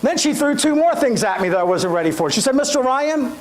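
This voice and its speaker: Middle-aged man, high voice, storytelling keynote, faint room noise. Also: fast talker, rough recording. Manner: animated, addresses audience directly. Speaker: motivational keynote speaker.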